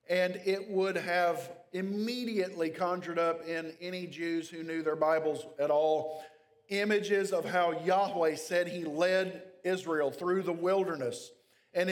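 A man preaching a sermon, reading scripture aloud and explaining it verse by verse with measured pauses. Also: a little high, in a large hall. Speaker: pastor.

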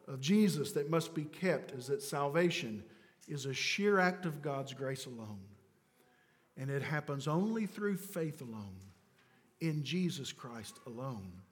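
A man preaching a sermon in an emphatic way, building to loud declarations. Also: fairly high pitch, lively intonation, measured pace. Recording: long hall reverb.

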